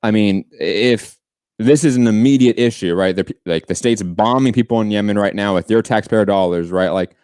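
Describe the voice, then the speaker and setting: A man's voice: on the low side, moderate pace, darkish tone, clean tone, no room sound, clean studio sound. A man co-hosting a political podcast debate, pressing his opponent with long probing questions. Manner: probing, pushes back with questions. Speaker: podcast co-host.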